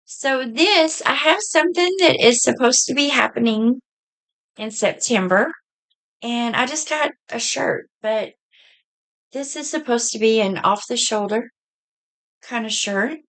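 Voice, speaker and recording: Middle-aged woman, Southern US accent, slightly hoarse, folksy casual chat, says y'all. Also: a little high, a little slow, a bit bright. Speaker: vlogger.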